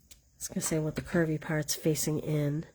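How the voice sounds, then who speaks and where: A woman's voice: low-pitched, level tone, fairly quick, very noisy. A woman with a Boston accent hosting a live card-stamping class, chatting and teasing herself while she explains each step. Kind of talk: live craft demonstration.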